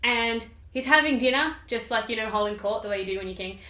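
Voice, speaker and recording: A woman's voice: fairly high pitch, fast talker, bright, forceful tone. A woman hosting a comedic summary of a play, chatty and sarcastic, with rambling asides. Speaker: video host. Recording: roomy echo.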